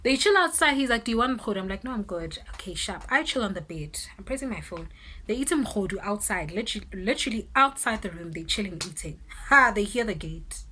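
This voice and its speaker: A young South African woman tells a story to her camera in a bright, forceful voice. She talks in an animated way, switching between languages and bursting into loud exclamations. Her voice sits in a middle register, with a faint hiss of noise behind it. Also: mid-range voice, brisk. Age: 20s. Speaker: vlogger. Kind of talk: storytime vlog.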